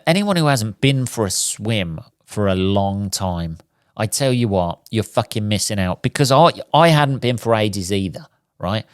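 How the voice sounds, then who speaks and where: A man's voice: fairly low pitch, dry recording, clean studio sound. A man hosting a solo podcast, talking in a sweary, rambling comic rant. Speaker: podcast host. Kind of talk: casual solo podcast monologue.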